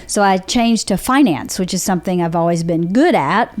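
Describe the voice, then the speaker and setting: A woman's voice: on the low side, expressive, moderate pace. Candid Southern woman telling her story. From Georgia, US. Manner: candid, rambling storytelling with frequent restarts. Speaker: podcast host. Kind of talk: casual chat.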